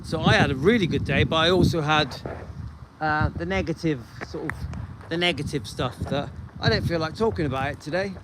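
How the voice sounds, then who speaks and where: A man's voice: a little high, brisk, very noisy. A man hosting his own channel, talking casually and earnestly to camera, rambling and reassuring, recorded on a handheld phone. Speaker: channel host. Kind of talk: casual vlog talk to camera.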